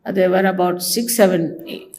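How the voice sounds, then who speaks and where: A woman from India, giving a spiritual talk as a teacher, telling anecdotes in an animated, wandering way with asides and hesitations. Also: on the low side, moderate pace, a little hiss or hum, low-quality recording.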